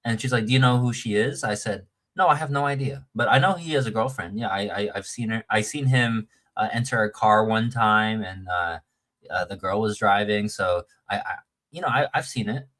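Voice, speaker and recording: A man's voice: on the low side, fairly quick, a bit bright. A man telling a long story in casual chat, rambling with many fillers and restarts and acting out the quoted lines.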